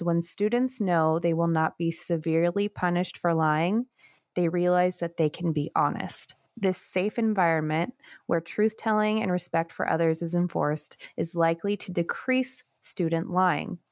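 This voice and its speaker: A woman's voice: lowish voice, dry recording, studio quality. A young woman co-hosting a podcast, chatting casually and reading parts of an article aloud. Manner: chatty, fast, many "like"s. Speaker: podcast co-host, Montessori teacher.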